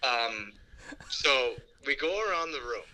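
A man's voice: medium pitch, animated, slow pace, bright, forceful tone, slight background noise. A man on a phone call, casually telling a rambling story with laughs and backtracks. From New York. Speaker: phone-in guest. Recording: phone line.

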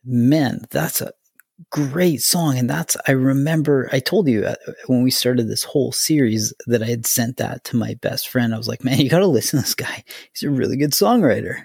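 Male podcast host, raspy with vocal fry, rambly and eager, recorded dry. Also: mid-range voice, normal speed, a little mellow, dry recording. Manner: rambling, enthusiastic, lots of fillers. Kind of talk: casual interview chat.

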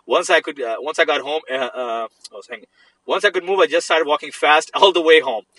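A man co-hosting a laid-back podcast, reading a listener's story aloud with a bright, slightly high voice. He laughs along and sometimes loses his place. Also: fairly quick, low-quality recording. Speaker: podcast co-host.

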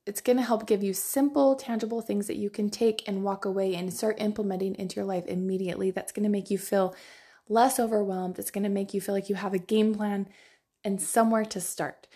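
An enthusiastic woman hosts a casual podcast chat. Her delivery is upbeat and friendly, with a plain, even voice. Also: medium pitch. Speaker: podcast host.

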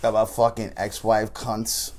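A man ranting loudly and profanely in casual chat. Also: lowish voice, monotone, unhurried, a crowd in the background. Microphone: lapel.

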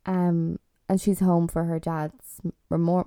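Gravelly, chatty young Irish woman. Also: lowish voice, flat delivery, slow, dark tone, dry recording. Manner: chatty and exasperated, lots of fillers. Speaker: vlogger. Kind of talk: casual TV review chat.

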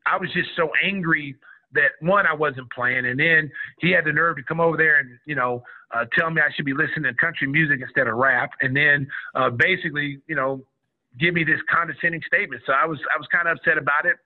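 A man's voice: on the high side, quick pace. Middle-aged man telling a story over a tinny line. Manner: animated, acts out quotes of others. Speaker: former college basketball player telling a story. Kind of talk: casual storytelling on a radio show. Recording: tinny phone-like radio audio.

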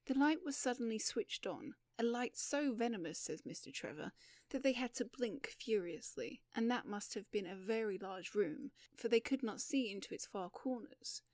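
A woman narrating a story in a measured audiobook reading. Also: fairly high pitch, lively intonation, darkish tone, dry recording, clean studio sound.

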